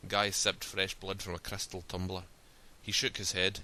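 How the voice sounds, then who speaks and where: A man narrating a story in a steady, plain reading style. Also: fairly low pitch, moderate pace, hardly any pauses.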